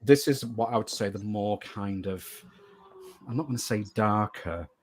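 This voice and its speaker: Deep raspy guy, interview guest, earnest rambling storyteller, keeps repeating himself. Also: normal speed. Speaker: guest medium.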